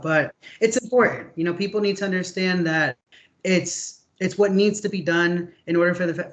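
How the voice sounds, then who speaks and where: A man hosting a podcast, earnest and casual, swearing now and then. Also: fairly high pitch. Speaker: podcast host.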